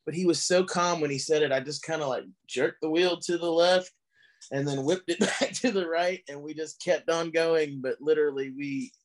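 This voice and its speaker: A male comedian guest telling an animated story in casual chat, swearing freely. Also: on the high side, moderate pace.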